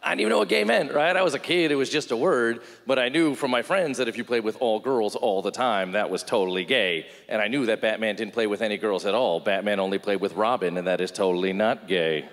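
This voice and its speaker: A man doing a stand-up comedy set, telling stories in an animated way and acting out voices. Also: on the low side, a little fast, hardly any pauses, a little hiss or hum. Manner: animated storytelling, acts out voices. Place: comedy club stage. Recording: live stage with hall reverb.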